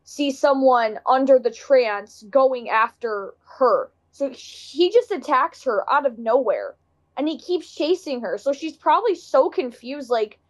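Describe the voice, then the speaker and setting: A woman's voice: high voice, expressive, measured pace. A woman co-hosting a casual movie discussion, animatedly retelling scenes. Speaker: podcast co-host.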